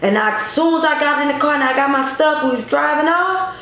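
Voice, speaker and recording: A woman's voice: high-pitched, animated, brisk, a bit bright. Emphatic woman telling a story, echoey room. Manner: repetitive, emphatic, addresses viewers directly. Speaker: vlogger. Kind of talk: casual storytelling to viewers. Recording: echoey room, faint noise.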